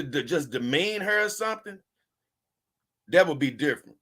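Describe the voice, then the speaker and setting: A man's voice: a little high, expressive, normal speed, a bit bright. A man hosting a casual livestream, reading viewer comments and rambling on in loose, with chuckling asides. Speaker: livestream host.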